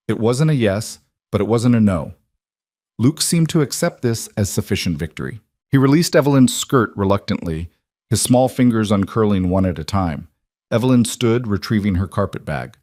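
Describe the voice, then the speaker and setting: A man narrates a story in a measured, even manner. His voice sits low, and the recording is dry and close. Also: dry recording. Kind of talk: scripted narration.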